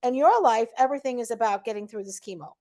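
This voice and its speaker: A woman co-hosting a casual podcast talks with earnest empathy. Her voice sits a little high. She explains her point patiently. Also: quick pace, darkish tone, dry recording, clean studio sound. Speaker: podcast co-host. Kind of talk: casual chat.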